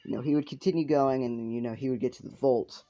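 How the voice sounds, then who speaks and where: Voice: medium pitch, steady tone, fast, dark tone, dull audio. A storyteller improvising a fan-fiction tale in a rambling, casual way, full of fillers and swearing, over faint game music. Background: faint video game music.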